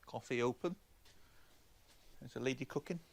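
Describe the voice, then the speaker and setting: At a partly outdoor roadside café, a man who makes travel vlogs chats casually while walking around, rambling, stumbling and repeating himself. His voice is medium-pitched and creaky at a moderate pace, with a little hiss or hum.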